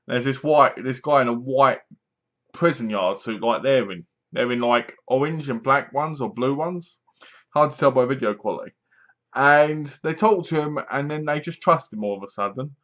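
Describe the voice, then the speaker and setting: A man's voice: mid-range voice, moderate pace, a bit bright. A man casually reviewing a horror film, rambling and sarcastic, with many restarts. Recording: dull lo-fi home recording.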